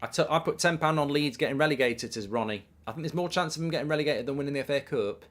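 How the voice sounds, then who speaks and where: A man's voice: fairly high pitch, fast talker. A middle-aged man hosting a live football watchalong, chatting casually and reading out viewer messages. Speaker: host.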